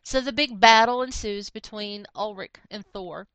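A woman's voice: mid-range voice, normal speed, no echo, poor audio. Chatty woman recapping comics. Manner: animated storytelling, acting out characters. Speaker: podcast co-host. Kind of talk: casual comic book recap.

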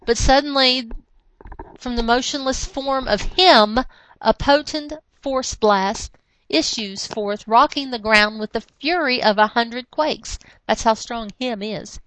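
Woman podcast co-host; animated casual recap, higher voice, dry close sound. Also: slow pace, no room sound, rough recording. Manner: animated retelling, slips into character voices. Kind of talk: casual comic book recap.

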